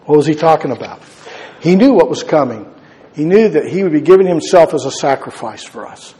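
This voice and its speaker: A man's voice: fairly high pitch, lively intonation, a little fast, warm tone. Man preaching in a reverberant church. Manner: earnest, conversational preaching with repeated phrases. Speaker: pastor. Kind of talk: sermon. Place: church sanctuary.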